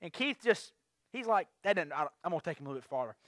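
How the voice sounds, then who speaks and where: High-voiced man preaching. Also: fast talker, no room sound, clean studio sound. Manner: rambling, lively storytelling with many restarts. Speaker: pastor. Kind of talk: storytelling sermon.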